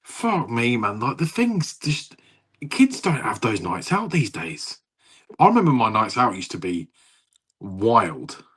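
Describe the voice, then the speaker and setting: A man's voice: mid-range voice, very animated, slow pace, fairly bright tone, husky. A man in his thirties, co-hosting a podcast, rambling through stories with laughter and swearing. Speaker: podcast co-host. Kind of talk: casual chat.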